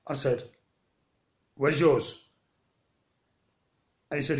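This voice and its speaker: Out walking, a man vlogs about his day in an unhurried, meandering way, leaving long pauses. He brings each conversation to life by voicing both parties. His voice is medium-pitched, and the audio sounds roomy.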